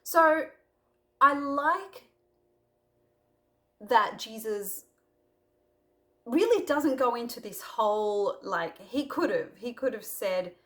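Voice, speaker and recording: A woman's voice: mid-range voice, animated, takes it slowly, long pauses, fairly bright tone. A woman hosting a casual Christian talk to camera, telling personal stories in a chatty way with lots of fillers. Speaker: Christian video host.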